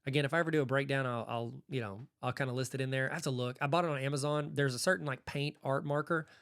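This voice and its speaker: A man's voice: mid-range voice, fast talker, smooth. A man from Arkansas hosting a podcast, telling casual stories and acting out the exchanges he describes. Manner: animated, acts out quoted exchanges. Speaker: podcast host. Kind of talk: casual storytelling.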